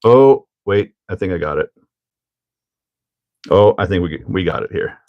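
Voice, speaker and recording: A man's voice: sits low, lively intonation, measured pace, dull audio. A man hosting a hobby livestream in casual chat, joking, laughing often and answering chat as he builds a kit.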